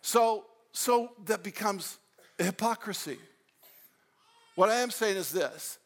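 A man preaching a sermon with a fairly high voice. His delivery is animated, rising to loud emphatic lines and dropping into hushed storytelling. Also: slow. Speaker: pastor.

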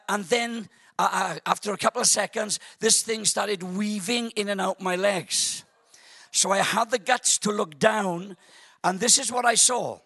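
A man preaching a sermon in a church service, telling a funny story in an animated, joking way with stammering restarts. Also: high voice, gravelly, slightly rough, no echo.

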